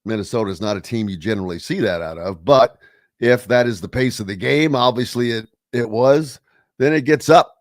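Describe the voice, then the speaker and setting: A man's voice: medium pitch, fairly quick, no echo, clean studio sound. A man hosting a casual sports talk radio show, rambling loosely with plenty of fillers and reading listener comments aloud.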